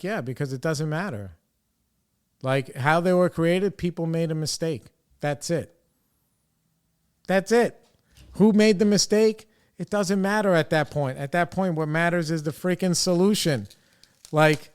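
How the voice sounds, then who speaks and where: Man telling a heated story, smooth voice. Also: on the high side. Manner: animated, profane, quotes others in his own voice. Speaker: podcast host. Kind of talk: casual storytelling.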